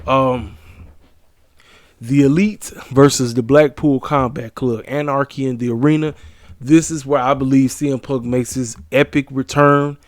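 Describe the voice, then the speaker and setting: A man's voice: mid-range voice, dry recording, studio quality. A tired man yawning late at night, hosting wrestling predictions in an emphatic, slangy casual chat that repeats points for emphasis.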